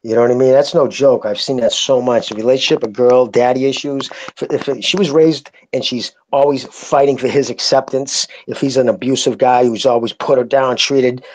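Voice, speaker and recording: A man's voice: mid-range voice, steady tone, moderate pace, few pauses, a little mellow, rough recording. A man in a casual podcast chat who makes his points emphatically. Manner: emphatic, opinionated.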